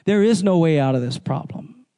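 A man preaching a sermon in a church service. He calls out to the congregation, mixes in jokey asides and builds up to shouting. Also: a little high, lively intonation, normal speed, clean tone. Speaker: pastor.

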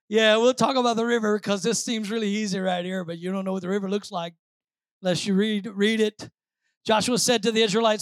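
A woman pastor preaching a sermon, moving between quiet asides and shouted, repeated phrases for emphasis. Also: fairly high pitch, brisk, dry recording.

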